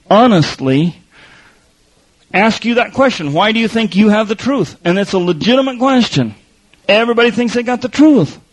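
A man preaching a sermon, swinging between loud emphasis and hushed asides. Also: high-pitched, poor audio.

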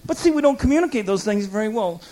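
A man with a high voice preaches a sermon at a fast clip. He tells stories animatedly and acts out the quoted voices of the people in them.

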